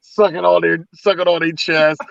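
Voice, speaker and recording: A man's voice: fairly high pitch, flat delivery, normal speed, creaky, no echo. A man co-hosting a podcast, chatting casually and profanely about a movie, joking in put-on voices. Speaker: podcast co-host. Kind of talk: casual movie review chat. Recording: dry, dull lo-fi sound.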